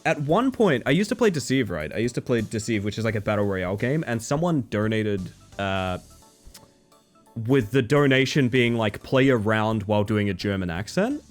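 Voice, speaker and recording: Casual male game streamer, lively candid chat, some swearing, faint game music behind. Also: mid-range voice, normal speed. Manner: candid, chatty, swears, restarts when thinking aloud.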